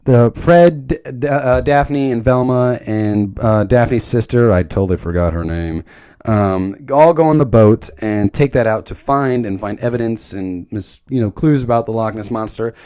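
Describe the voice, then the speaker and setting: A man's voice: medium pitch, moderate pace, dark tone, smooth. A young man giving a casual, joking movie recap, rambling and stumbling over his words. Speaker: video creator recapping a movie.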